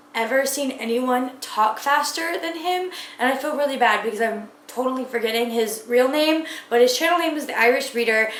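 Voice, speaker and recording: A woman's voice: on the high side, a bit bright, echoey room, slight background noise. A woman from the southern United States, chatting enthusiastically as a book vlogger in a casual tag video. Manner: gushing, enthusiastic, chatty with fillers.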